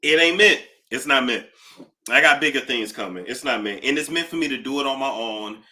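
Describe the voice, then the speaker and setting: Chatty male livestream host with a bright, forward voice; animated and talkative. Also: medium pitch, fairly quick. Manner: animated, chatty, reading out donor thanks. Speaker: YouTube gossip host. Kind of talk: casual livestream chat.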